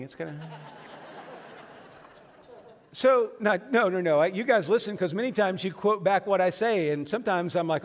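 A man's voice: sits high, normal speed, pauses often. A middle-aged man preaching a sermon in a church, conversational and humorous, with asides to the congregation. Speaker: pastor. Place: church sanctuary. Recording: long hall reverb.

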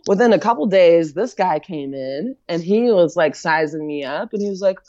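An American woman tells a winding personal story over a video call, with a fairly low voice. She talks casually, jumping into the voices of people she quotes. The sound is dry and a little dull. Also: moderate pace, no room sound. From United States. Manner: animated storyteller, acts out quoted voices, many fillers and laughs. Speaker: guest, fiber artist.

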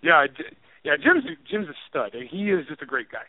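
A man's voice: on the high side, very animated, a little fast, no echo. A man, an author and writing teacher, chatting casually in an interview, rambling and self-deprecating and laughing often. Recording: tinny phone line, dry.

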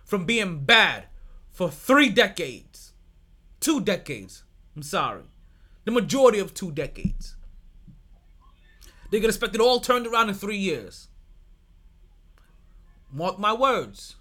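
A man hosting a sports podcast in casual chat, animated, swearing freely and laughing often. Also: sits high, measured pace, long pauses. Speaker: podcast host.

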